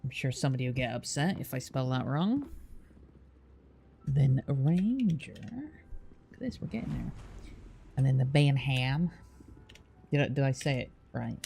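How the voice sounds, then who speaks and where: A man's voice: mid-range voice, normal speed, creaky, darkish tone, a little hiss or hum. A British man live-streaming, reading out place names one by one and chatting casually with his viewers, with the odd swear.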